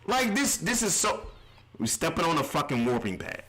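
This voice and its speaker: A man's voice: fairly high pitch, big pitch swings, normal speed, bright, forceful tone, poor audio. A man streaming live reactions, ranting in an exasperated, heavily profane way.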